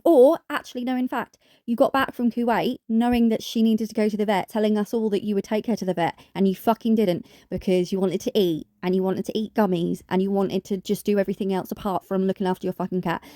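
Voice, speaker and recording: Woman, reaction commentator, scolding and profane, dark mellow voice, dry close sound. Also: mid-range voice, steady tone, fairly quick, no room sound.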